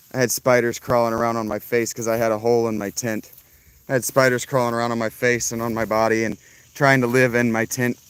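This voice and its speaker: A man's voice: mid-range voice, clear, resonant tone. A man chatting casually on a live stream at an outdoor campsite, rambling, swearing freely and greeting chat viewers.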